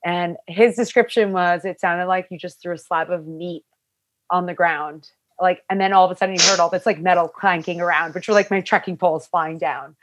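A young woman casually telling a long story, talking loosely with lots of "like" fillers and animated, quoted asides. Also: fairly low pitch, brisk. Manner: chatty, full of "like" fillers, animated retelling. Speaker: hiker telling her story.

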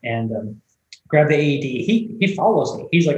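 A man's voice: a little high, animated, normal speed, darkish tone, reverberant, muffled recording, slight background noise. A man, a race director, telling stories in a casual, rambling interview, with many restarts and fillers. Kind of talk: conversational interview storytelling.

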